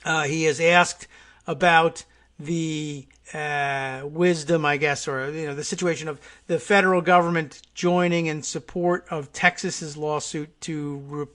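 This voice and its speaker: A man's voice: fairly high pitch, steady tone, a little slow, fairly bright tone. A man hosting a political talk podcast, rambling and wry, with many fillers and restarts. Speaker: podcast host. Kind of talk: casual political commentary.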